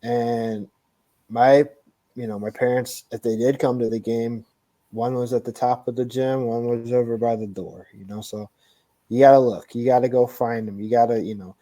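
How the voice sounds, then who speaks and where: Man, mid-pitch, warm dark tone, podcast guest, reflective and rambling. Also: fairly even intonation, normal speed, rough recording. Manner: reflective, rambling with many fillers. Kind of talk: casual podcast chat.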